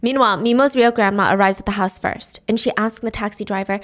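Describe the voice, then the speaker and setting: A woman's voice: medium pitch, fairly quick, hardly any pauses. A woman hosting a podcast, animatedly retelling a thriller plot in a casual way. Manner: animated retelling with voiced quotes. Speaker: podcast host. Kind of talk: casual story recap.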